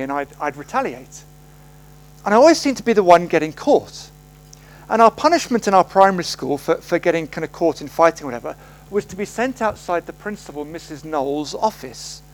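Lively high-voiced male preacher. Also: rough recording. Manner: storytelling, conversational, acts out quoted voices. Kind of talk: sermon. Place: church service.

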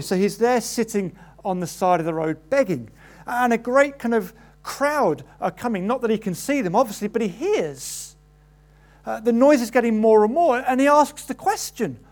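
A man preaching a sermon, animated, acting out the voices in the story. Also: moderate pace. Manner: animated, acts out quoted voices with rising pitch.

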